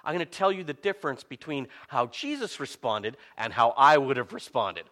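A man preaching a sermon as a pastor, telling the story in an animated way with self-mocking humor. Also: medium pitch, moderate pace, long reverb tail.

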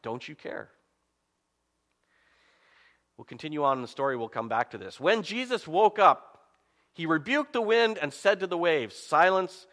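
Lively, bright-voiced male pastor. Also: on the high side, long reverb tail. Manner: animated storytelling with self-mocking humor. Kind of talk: sermon.

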